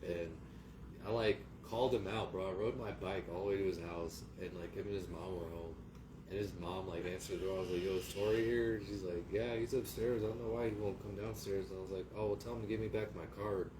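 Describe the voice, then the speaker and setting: A man hosting a casual radio chat, telling animated stories and squealing when he imitates others. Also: low-pitched, fast talker, recorded from a distance. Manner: animated storyteller, loud squealing impressions. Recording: echoey room with background noise.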